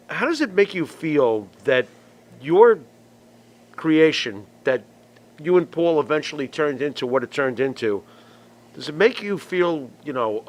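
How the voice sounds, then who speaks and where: Male host, casual interviewer, bright tone, big pitch swings, unhurried delivery. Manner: reacts with laughs and quips. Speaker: podcast host.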